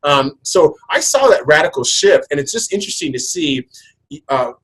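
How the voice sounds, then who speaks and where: Husky, rambling man hosting a podcast. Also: a little high, moderate pace, low-quality recording. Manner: rambling, animated storytelling with many restarts. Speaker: podcast host. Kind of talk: casual podcast chat.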